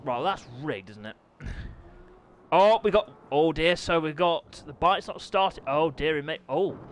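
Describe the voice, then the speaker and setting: A young man hosting a racing game live stream, excitable and jokey, with squealing high bursts of excitement. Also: measured pace, a little hiss or hum. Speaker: race commentator and stream host.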